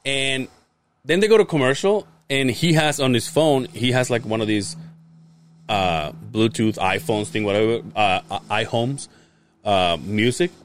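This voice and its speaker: A young man hosting a podcast shares an easygoing story, animatedly performing the quoted lines and swearing plenty along the way. His medium-pitched voice is a little slow, and the audio has slight hiss or hum.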